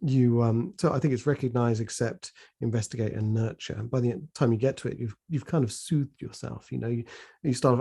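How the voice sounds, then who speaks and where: A man's voice: mid-range voice, brisk, gravelly, dark tone, husky. A man hosting a podcast, talking casually and hesitantly with many fillers. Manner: hesitant, many ums and restarts. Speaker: podcast host.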